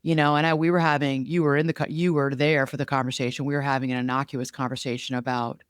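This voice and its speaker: A man's voice: mid-range voice, flat delivery, quick pace, smooth, no room sound, studio quality. A man co-hosting a casual conversational chat, earnest and rambling, often restarting his sentences. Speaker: podcast co-host.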